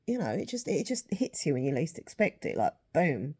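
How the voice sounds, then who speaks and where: A woman talks to camera in a loose, wandering vlog chat, apologising often and sighing. Her voice sits low and mellow, and she sounds emotional and close to tears. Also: big pitch swings, moderate pace, breathy edge. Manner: rambling and apologetic, with sighs. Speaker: vlogger.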